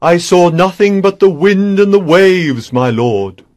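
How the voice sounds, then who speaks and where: A man plays a loyal young knight, his voice on the high side and his words slow and earnest. The sound is close and dry. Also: lively intonation, darkish tone, no echo. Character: loyal young knight Sir Bedivere, anxious.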